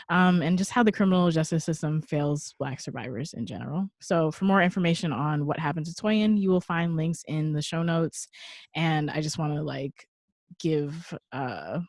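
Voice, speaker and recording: Low-pitched woman co-host, dry close sound. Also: no echo. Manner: measured and earnest, gently advising. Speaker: podcast co-host. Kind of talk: casual chat.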